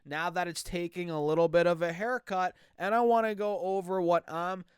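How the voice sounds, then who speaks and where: A man's voice: high voice, fairly even intonation, normal speed, clean tone, dry recording, clean studio sound. A man with a stuffy, nasal voice from allergies, chatting energetically about the stock market and speaking straight to his viewers. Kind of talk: casual market commentary.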